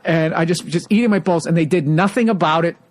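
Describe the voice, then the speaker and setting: A man telling profane, animated stories in a casual comedy podcast chat, acting out quotes from the crowd. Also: fairly high pitch, fast talker.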